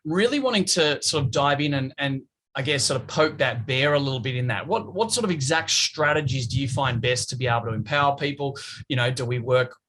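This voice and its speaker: Chatty podcast host, matey. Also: male voice, medium pitch, animated, fairly quick, fairly bright tone. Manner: chatty, many fillers and restarts, matey. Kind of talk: casual podcast interview.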